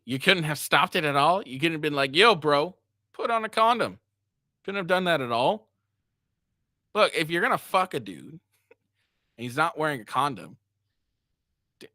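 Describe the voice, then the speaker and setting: A man's voice: on the high side, very animated, moderate pace, long pauses, pushed and bright, dry recording, studio quality. A man giving crude, mocking reaction commentary, swearing and laughing as he talks. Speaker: commentary streamer.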